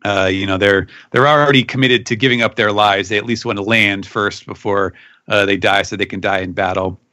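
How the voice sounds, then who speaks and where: A man on a podcast panel, recapping a comic chapter in casual chat and jumping up in pitch to act out quoted lines. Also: fairly even intonation, brisk, pushed and bright, no echo, clean studio sound.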